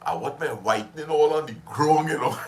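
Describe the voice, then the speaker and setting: A man's voice: fairly high pitch, fairly quick, a little mellow. A man hosting a casual livestream, chatty and reminiscing, laughing often as he talks with viewers. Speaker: livestream host.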